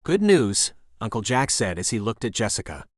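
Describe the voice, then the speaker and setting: A man reading a thriller audiobook as narrator, in a steady storytelling voice. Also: lowish voice, fast, no room sound, clean studio sound. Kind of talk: scripted narration.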